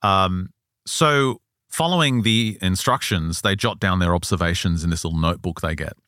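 A man's voice: sits low, moderate pace, no room sound, clean studio sound. A man hosting a podcast, casually retelling a story and voicing the people in it. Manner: relaxed, retells a story with quoted voices. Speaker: podcast host. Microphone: studio mic.

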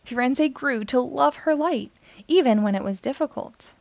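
A woman reading a children's picture book aloud, telling the story in a gentle, expressive way. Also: sits high, normal speed, gravelly, dry recording.

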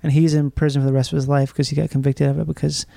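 A man's voice: a little high, little pitch movement, rapid-fire, vocal fry, warm tone, no echo. A man co-hosting a podcast in casual chat, swearing freely, joking and laughing often. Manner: crude, jokey, laughs often. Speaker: podcast co-host.

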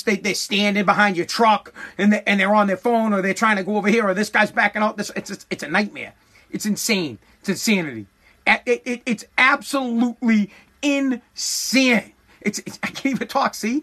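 A man's voice: sits high, bright, forceful tone. A man telling a comic story as a profane, exasperated rant, full of stammered restarts. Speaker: comedic storyteller.

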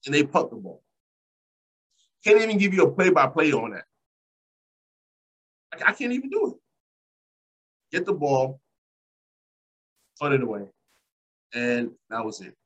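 A man hosting a solo sports podcast, recapping a game play by play in an animated, exasperated way and repeating phrases for emphasis. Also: medium pitch, husky, rough recording. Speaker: podcast host and fan.

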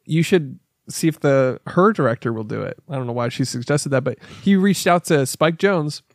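A man's voice: medium pitch, expressive, moderate pace, no echo, clean studio sound. A man co-hosting a podcast, telling stories in a rambling, casual way and laughing often. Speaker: podcast co-host. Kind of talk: casual film discussion.

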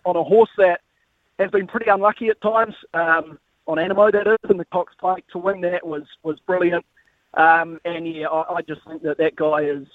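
A man's voice: high voice, dry recording. A man, out of breath, talking sport in an enthusiastic casual chat with stammering restarts. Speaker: sports reporter. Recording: tinny phone line, dry.

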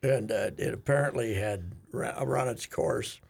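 A man's voice: lowish voice, a little slow. A man co-hosting a casual talk show, telling rambling stories with many halts and fillers. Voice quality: gravelly and husky. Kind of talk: casual chat.

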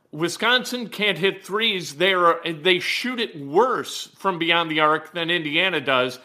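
A man's voice: sits high, bright, forceful tone. A man hosting a sports talk show, giving blunt, emphatic opinions and rattling off player stats. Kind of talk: opinionated sports commentary monologue.

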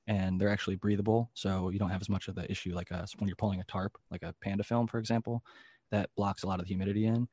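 A man explaining greenhouse growing in casual chat, quick and full of fillers. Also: deep voice, little pitch movement, a little mellow, slightly rough, no echo, studio quality. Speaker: grower.

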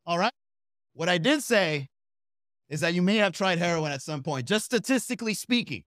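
A man's voice: sits high, expressive, normal speed, a bit bright, no echo, studio quality. A young man doing a comedic podcast monologue, rambling through stories with digressions. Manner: rambling, digressive storytelling with asides. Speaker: stand-up comedian and podcast host.

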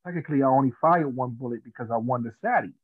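A man's voice: medium pitch, very fast, slightly rough, dry recording. A man telling a funny story in casual slang, laughing at his own tale. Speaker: podcast guest. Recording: dry tinny phone-like sound.

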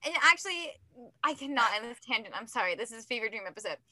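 A woman's voice: a little high, sing-song, fast, sharp tone, no room sound. A young adult woman co-hosting a book podcast, talking in a rambling, giggly, self-mocking way. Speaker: podcast co-host. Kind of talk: casual chat.

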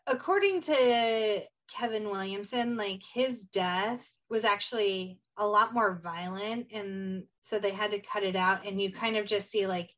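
A woman's voice: medium pitch, unhurried, few pauses. A woman casually recapping a horror movie with a co-host, animatedly acting out quoted lines. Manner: animated retelling with quoted voices. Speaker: podcast co-host.

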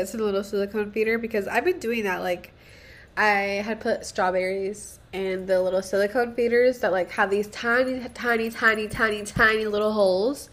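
A young woman hosting a casual solo podcast, rambling and profane, self-deprecating, with nervous laughs. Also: medium pitch. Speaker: podcast host.

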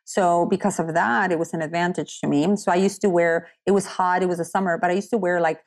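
A woman from the United States speaks fast in a lowish voice with fairly even intonation. As a guest on a podcast, she earnestly and candidly recounts a personal story in casual conversation, frequently repeating other people's words to her.

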